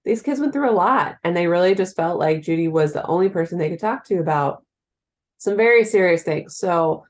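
A woman's voice: lowish voice, animated, fairly quick, darkish tone. Laughing woman podcast co-host. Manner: chatty, laughs easily. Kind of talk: casual podcast chat.

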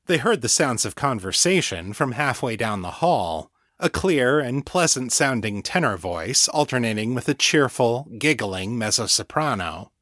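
A man reads a serial audiobook in a steady, measured style, at a middle pitch. The sound is dry and close, with no room at all. His pacing is even and unhurried. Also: dry recording. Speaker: audiobook narrator. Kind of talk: scripted narration.

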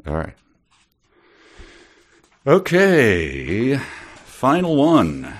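Host, male, very deep, casual, reads excerpts with playful theatrical flair. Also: animated, measured pace. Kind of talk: reading excerpts aloud in casual chat.

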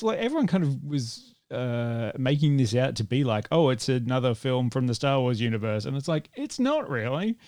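A man's voice: medium pitch, sing-song, normal speed, few pauses, darkish tone, no echo, studio quality. A man hosting a casual film review podcast, joking around and laughing often between rambling asides. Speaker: podcast host.

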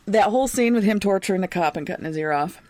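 A woman co-hosting a podcast in casual chat, animated and laughing often. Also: medium pitch, fast, no echo. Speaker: podcast co-host.

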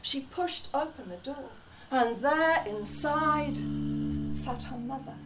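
A woman storyteller telling a folk tale live, slow and measured with dramatic pauses, accompanied by a musician. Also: high-pitched. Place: conference venue, live audience. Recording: distant live recording with guitar.

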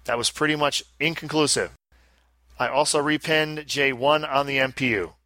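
A man's voice: a little high, steady tone, moderate pace, sharp tone, no echo, clean studio sound. A man hosting a casual podcast, reading listener emails aloud with wry asides. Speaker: podcast host.

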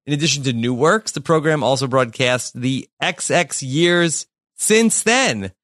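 A man's voice: mid-range voice, animated, measured pace, a bit bright, no echo, clean studio sound. A young adult man hosting a podcast, laid-back, reading out facts and murmuring agreement. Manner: laid-back, reads facts aloud, many affirming murmurs. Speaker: podcast host. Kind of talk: casual chat.

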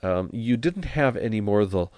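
A man with a lowish, clear and smooth voice reads a Latin hymn and talks through its meter. He speaks unhurriedly and in a measured, soft-spoken way. The recording is close and dry. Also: animated, no room sound. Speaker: teacher. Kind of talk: explaining and reading a Latin hymn.

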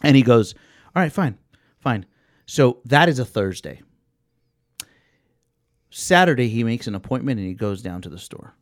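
A man's voice: medium pitch, moderate pace, long pauses, no echo, clean studio sound. A man casually telling a long story as a podcast co-host, acting out the voices of the people in it. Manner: animated, acts out voices in the story.

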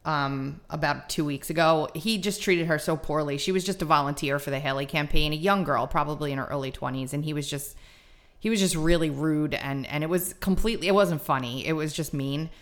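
A woman co-hosts a casual talk show, with blunt remarks and quick laughter. Her voice sits slightly low for a woman. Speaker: podcast co-host. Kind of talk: casual chat.

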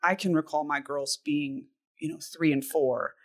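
A woman's voice: deep voice, fairly even intonation, moderate pace. A woman hosting a casual podcast, asking her co-host questions and sharing her own thoughts in an encouraging way. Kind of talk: casual parenting podcast chat.

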